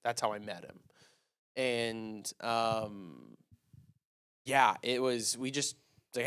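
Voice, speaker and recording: A young man co-hosting a podcast, a youth pastor telling a story in a casual, animated way and acting out the dialogue. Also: mid-range voice, slow pace, pauses often, clear, resonant tone, no echo, studio quality. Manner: animated, acts out quoted dialogue.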